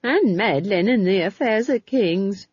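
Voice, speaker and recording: A woman's voice: medium pitch, lively intonation, measured pace, darkish tone, breathy edge, dry recording, dull audio, voice pushed up. A woman reading an audiobook, voicing a chatty, cheerful old witch who draws out her words.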